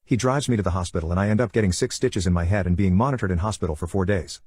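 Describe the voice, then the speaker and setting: A man narrating internet stories in a calm, scripted storytelling voice. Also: low voice, very fast, husky, no echo.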